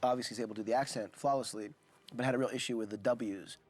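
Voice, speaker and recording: A man's voice: mid-range voice, steady tone, racing. A man, a film director, chatting enthusiastically in an interview about casting, with some restarts. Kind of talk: interview for a behind-the-scenes featurette.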